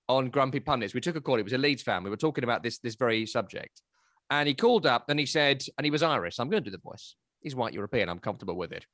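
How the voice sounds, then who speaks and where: A man, hosting a casual football analysis chat, chatty and animated. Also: on the high side, dry recording, studio quality. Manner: animated, chatty, breaks into silly voices. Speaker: football podcast host.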